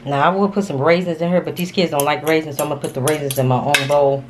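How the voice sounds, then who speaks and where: A woman vlogging casually while cooking in her home kitchen, excitable and calling viewers honey and y'all. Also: low voice, fast, heavy background noise. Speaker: family vlogger.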